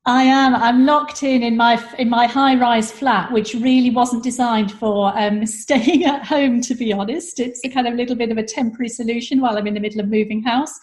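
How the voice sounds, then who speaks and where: A woman historian answering interview questions fluently from her flat, with a few fillers. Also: fairly high pitch, brisk, hardly any pauses. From England. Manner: articulate, fluent, some fillers. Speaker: historian guest. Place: high-rise flat at home.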